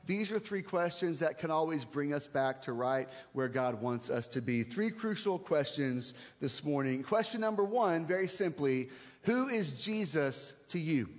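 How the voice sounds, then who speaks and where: A man's voice: fairly high pitch, expressive, moderate pace, hardly any pauses. Man preaching in an echoing hall. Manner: conversational, emphatic, varies pace for stress. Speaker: pastor. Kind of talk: sermon. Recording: long reverb of a large hall.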